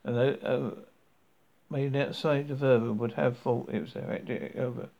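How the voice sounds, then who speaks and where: A man's voice: medium pitch, steady tone, moderate pace, creaky, warm tone. A man reading a novel aloud, stumbling and restarting words as he goes. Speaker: reader. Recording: dull lo-fi recording.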